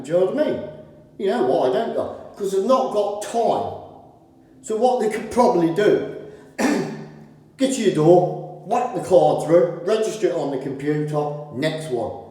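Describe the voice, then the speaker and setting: A man's voice: on the high side, dark tone, distant mic. A British man, a decorator vlogger, telling a rambling, wry story in casual chat. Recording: very echoey room with long reverb.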